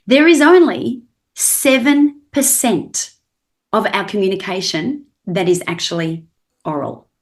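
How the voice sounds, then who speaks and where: A woman's voice: medium pitch, unhurried. A woman, a trainer explaining communication on a video call, often acting out rising and falling tones to make her point. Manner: demonstrates voice inflection, rising and falling for effect. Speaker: NLP trainer and hypnotherapist guest. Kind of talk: animated expert explanation.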